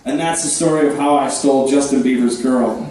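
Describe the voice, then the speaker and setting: A man doing a deadpan, self-deprecating stand-up set on a club stage, hosting the show and dropping quick asides. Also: medium pitch, far from the mic, crowd noise. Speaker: stand-up comedian and host. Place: comedy club stage before a live crowd. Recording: echoey room, voice from afar.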